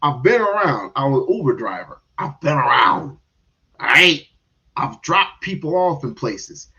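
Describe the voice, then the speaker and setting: Guy ranting on his stream, slow and fired up, voice going all over, kinda muffled audio. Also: fairly high pitch, husky. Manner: animated, heated, restarts and repeats words. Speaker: streamer commentator. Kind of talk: casual ranting commentary.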